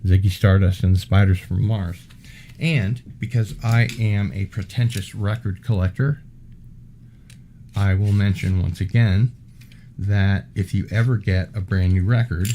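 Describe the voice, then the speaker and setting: A man hosting a casual unboxing video, talking in an unhurried way with wry asides. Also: low-pitched, dark tone, slight background noise. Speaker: unboxing vlog host.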